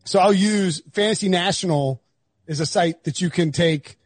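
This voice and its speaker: A man's voice: high voice, moderate pace, no room sound. A man from North Carolina hosting a podcast in casual, rambling chat with many restarts. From North Carolina, USA. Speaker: podcast host.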